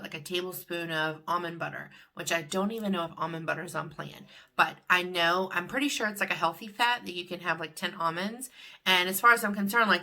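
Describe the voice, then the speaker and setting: A woman's voice: lowish voice, pushed and bright. A middle-aged woman vlogging in a chatty, rambling way about her week. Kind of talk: casual confessional vlog.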